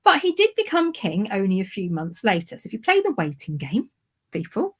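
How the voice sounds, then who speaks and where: A woman's voice: medium pitch, huge pitch swings, fairly quick, husky. A woman co-hosting a history livestream, telling the story in a loose, rambling way, correcting herself and laughing at her own slips. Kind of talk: casual chat.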